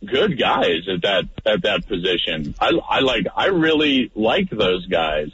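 A man who is a guest on a radio sports talk show, telling a story in a lively, animated way that gets loud at its peak. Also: on the low side, measured pace. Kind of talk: animated storytelling in casual chat. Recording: dull lo-fi radio audio, faint noise.

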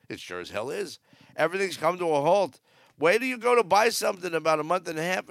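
A man in his seventies hosts a podcast from aboard a cruise ship, offering blunt, rambling, sarcastic commentary on the news. His mid-range voice has a fairly bright tone. The recording is dry and studio quality.

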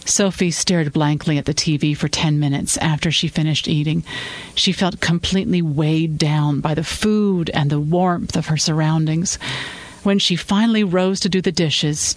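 Brief: male narrator for a fiction podcast, slightly higher voice, measured and even. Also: poor audio.

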